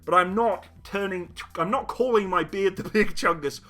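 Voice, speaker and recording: A man's voice: sits high, normal speed, a bit bright. A young man hosting a casual live chat stream, reading out donations and laughing often at himself. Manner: laughs often, giggly and self-mocking. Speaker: livestream host reading donations.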